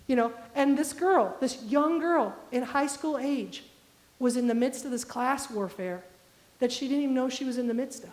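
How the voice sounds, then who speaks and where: A woman's voice: high voice, normal speed, a little mellow. A woman pastor from the American Midwest, preaching a conversational storytelling sermon and putting direct questions to the congregation. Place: church sanctuary. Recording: echoey church sanctuary.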